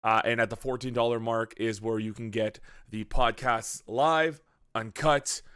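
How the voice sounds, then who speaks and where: A man's voice: medium pitch, fairly even intonation, unhurried, fairly bright tone, clear, resonant tone. A man hosting a casual movie podcast, loose and joking with swearing and laughing asides. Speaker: podcast host.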